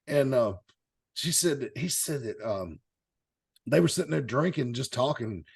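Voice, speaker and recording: Guy with a gravelly voice hosting, just rambling through old stories, laughs now and then. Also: medium pitch, expressive, unhurried. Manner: rambling, anecdotal, chuckling asides. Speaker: host. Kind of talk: casual storytelling chat.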